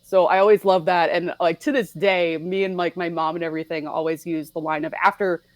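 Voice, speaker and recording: Animated woman, lower voice, dry sound. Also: dry recording, rough recording. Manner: animated, acts out lines in quick put-on voices, laughs often. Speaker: podcast guest. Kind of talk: casual chat about a film.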